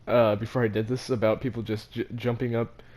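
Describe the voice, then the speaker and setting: A man's voice: fairly low pitch, level tone, brisk, darkish tone. A teenage boy telling a story about his school in a casual, rambling, self-mocking way, with many fillers and restarts. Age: teens. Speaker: vlogger.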